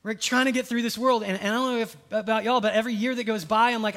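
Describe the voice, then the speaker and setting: A male pastor preaches a loose, conversational sermon straight to his listeners, talking fast in a steady tone with a voice a little high for a man. He pushes some lines out loud and emphatic, then drops others to a soft hush.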